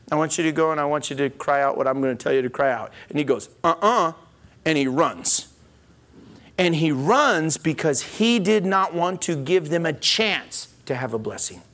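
A man preaching a sermon, telling a story with animated acted-out quotes and frequent chuckles, then easing into a soft, intimate blessing. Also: sits high.

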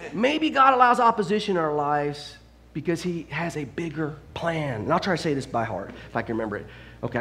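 Male pastor, middle-aged, lively swooping delivery, high voice, jokey self-deprecating sermon. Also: a little hiss or hum. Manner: animated, self-deprecating storytelling with frequent restarts.

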